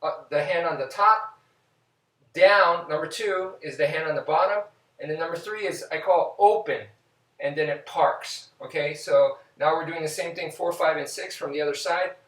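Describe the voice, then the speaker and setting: A man with a slightly high voice teaches martial arts in a relaxed, casual way. He counts out each move as he demonstrates it. He is heard from a distance in a room with a lot of echo. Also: normal speed. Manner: relaxed, talks while demonstrating moves and counting.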